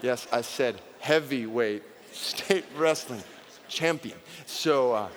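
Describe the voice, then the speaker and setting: A man's voice: medium pitch, slight background noise. A man preaching a sermon as a pastor, telling a personal story and then building to fervent emphasis. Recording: long hall reverb.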